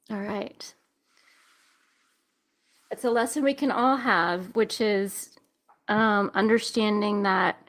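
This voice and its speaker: A woman hosting a live intuitive reading show, speaking softly and slowly, at times close to tears. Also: mid-range voice. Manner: soft, gentle, slow and emotional. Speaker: intuitive reader, show host. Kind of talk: live psychic reading session.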